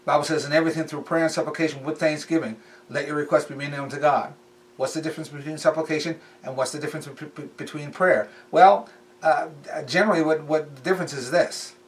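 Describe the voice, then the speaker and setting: A man's voice: a little high, steady tone, fast, recorded from a distance. A man preaching in a casual, conversational way, repeating phrases for emphasis. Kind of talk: sermon.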